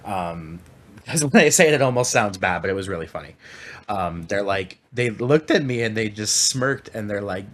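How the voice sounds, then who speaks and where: A Canadian man co-hosting a podcast talks at normal speed in a lowish, slightly bright voice with lively intonation. It's a casual, rambling chat with plenty of fillers and restarts.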